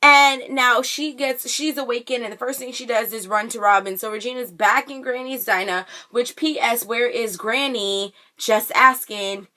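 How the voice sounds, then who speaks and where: Sassy, bright-voiced young woman vlogger. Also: fairly high pitch, moderate pace, few pauses. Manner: animated, sassy, slangy, acts out the characters. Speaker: vlogger recapping a TV episode. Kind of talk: casual chat.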